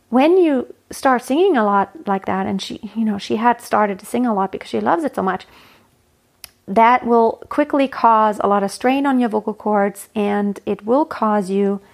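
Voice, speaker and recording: A woman's voice: on the high side, creaky. A woman voice coach talking through a solo podcast episode, chatty and explanatory, often restarting mid-phrase.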